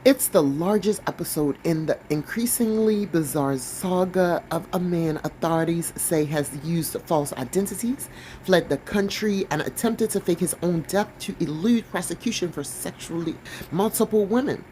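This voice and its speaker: Woman, lowish voice, reads an article aloud, cuts in with sassy remarks, trips over words. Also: normal speed, dark tone, slight background noise, poor audio. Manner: blunt, sassy commentary between read passages; stumbles over words while reading. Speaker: commentator reading a news article. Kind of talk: reading aloud with casual asides.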